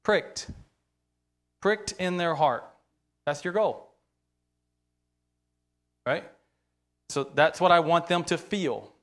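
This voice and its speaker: A man's voice: fairly high pitch, animated, slow pace, pauses often, a bit bright. Earnest man teaching a church class. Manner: conversational, often checks in with "right?"; earnest, openly emotional about faith. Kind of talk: informal Bible teaching.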